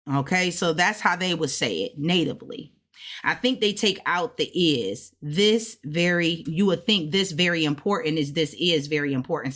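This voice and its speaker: A woman's voice: deep voice, fairly bright tone. A woman giving a casual self-taught language lesson, thinking aloud as she goes and repeating words to sound them out. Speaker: language learner teaching what she studies.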